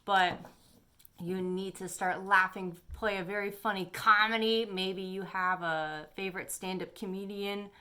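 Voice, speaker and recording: A woman tarot reader speaks straight to her camera, giving a weekly energy forecast. Her voice is bright and her talk is chatty and encouraging. She sounds animated and warmly supportive. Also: medium pitch, a little slow. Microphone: camera on her face.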